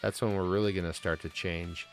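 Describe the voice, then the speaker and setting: Gravelly, rambling streamer man. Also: deep voice, fairly even intonation, a little fast, soft background music. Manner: rambling, profane, joking. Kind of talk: casual live-stream chat.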